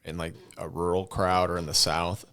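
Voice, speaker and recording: A man guesting on a podcast, chatting loosely about his comedy, with a very deep, low voice. He hesitates often, filling gaps with ums and letting sentences trail off. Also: flat delivery, moderate pace, fairly bright tone, smooth. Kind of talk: casual podcast chat.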